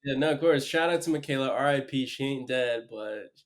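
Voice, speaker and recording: A man's voice: mid-range voice, fairly quick. A man co-hosting a podcast in casual chat, jokey, chiming in with short agreeing remarks. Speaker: podcast co-host.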